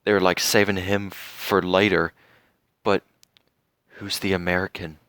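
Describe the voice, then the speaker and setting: Slow, earnest young man reviewing a show. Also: low-pitched, flat delivery, a bit bright, clear, resonant tone, no room sound, clean studio sound. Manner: earnest, heartfelt, with many fillers and pauses. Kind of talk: casual spoken review.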